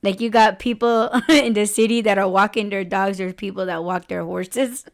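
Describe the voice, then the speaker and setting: A woman's voice: medium pitch, fairly even intonation, normal speed. A woman around forty co-hosting a podcast in casual chat, rambling, laughing often and restarting her sentences. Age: about 40. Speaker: podcast co-host.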